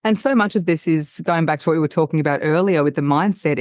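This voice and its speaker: Brief: woman, voice coach, lower pitch, expressive teacherly delivery, dry close sound. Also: fast talker, dry recording. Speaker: voice coach guest. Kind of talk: casual podcast chat.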